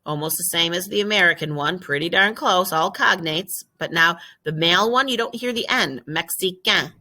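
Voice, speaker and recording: A woman teaching a recorded French lesson, drawing out model words slowly and explaining quickly in between. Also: on the low side, bright, forceful tone. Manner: slow, drawn-out French model words, quick asides in English.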